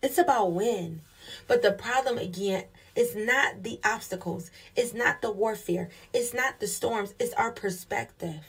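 Female preacher, husky tone, fervent sermon delivery with call-outs to the congregation. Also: medium pitch, unhurried.

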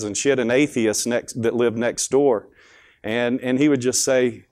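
A man's voice: medium pitch, measured pace, darkish tone. Folksy male preacher telling stories. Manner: folksy, conversational storytelling. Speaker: preacher at a school chapel. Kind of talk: sermon.

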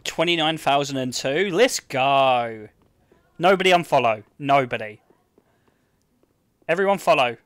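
A man's voice: mid-range voice, lively intonation, a little slow, long pauses, fairly bright tone, no room sound. A young Englishman riffs through casual gameplay commentary. He jokes crudely and swears freely, with an everyday mid-range voice. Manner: crude, joking, swears a lot. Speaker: streamer.

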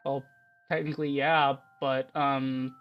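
A man hosting a let's-play, rambling and excitable in his game commentary, laughing often as he talks. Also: mid-range voice, takes it slowly, muffled recording, soft background music.

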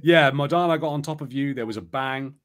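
A man's voice: mid-range voice, fairly quick, a bit bright. A man hosting a live play-along stream, chatty and rambling, reading an adventure book aloud. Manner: chatty, rambling, many fillers.

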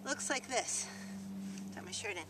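A woman's voice: measured pace, noisy background. A woman fitness instructor leading an outdoor workout demonstration, coaching in an upbeat, encouraging way. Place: outdoors in the countryside. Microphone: camera mic held by a cameraman.

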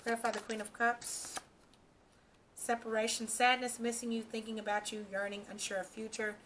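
A woman's voice: a little high, little pitch movement, moderate pace, fairly bright tone, slight background noise. A woman doing a casual tarot reading for her channel, talking straight to the viewer and reassuring them, often checking in with "okay" and "all right". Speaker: tarot reader.

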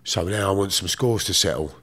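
Middle-aged london bloke, lowish voice, swears a lot, streetwise chat. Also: male voice, a little fast, a bit bright. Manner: blunt, swearing, streetwise slang. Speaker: guest. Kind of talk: casual storytelling.

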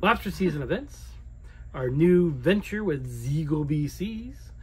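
A man's voice: on the high side, expressive, unhurried, darkish tone, slight background noise. A man co-hosting a dive shop video newsletter in a playful, casual way, tossing in jokey self-corrections. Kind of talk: casual promotional newsletter chat.

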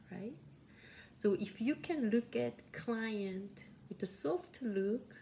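Brief: young Korean-accented woman, counseling teacher, slow soft whispery delivery, gravelly edge, faint hiss behind. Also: mid-range voice. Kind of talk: soft-spoken teaching talk.

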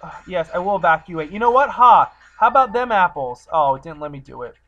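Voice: medium pitch, expressive, fast talker. Exasperated let's play gamer, slightly muffled. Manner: exasperated, talks to the game. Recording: slightly muffled recording, faint game music.

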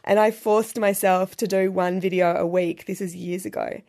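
A woman's voice: on the low side, steady tone, moderate pace, a little mellow. A woman hosting a solo podcast, talking in a chatty, candid way with many fillers. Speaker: podcast host. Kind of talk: casual solo podcast talk.

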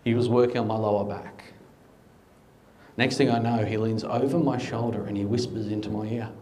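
A man's voice: on the low side, steady tone, normal speed, mellow. A middle-aged Australian man doing stand-up comedy, telling dry, conversational anecdotes with comic timing. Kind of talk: stand-up storytelling.

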